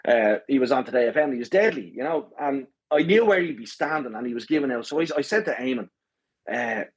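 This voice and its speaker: A man with an Irish accent, a podcast guest telling a lively anecdote full of swearing and "right?"s. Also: mid-range voice, fast, husky, low-quality recording. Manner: animated, swears freely, says "right?" often. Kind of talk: casual storytelling.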